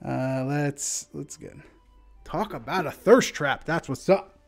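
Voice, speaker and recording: A man chats casually on a livestream, laid-back and rambling. His voice sits a little high and he laughs often between thoughts. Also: lively intonation, slow pace, vocal fry, faint music behind. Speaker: stream host.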